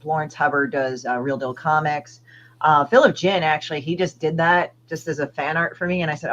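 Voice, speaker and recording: A woman's voice: sits low, fairly even intonation, brisk, a bit bright, dull audio. A woman comic artist as an interview guest, chatting casually and crudely with lots of fillers. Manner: rambling, crude, hesitant fillers.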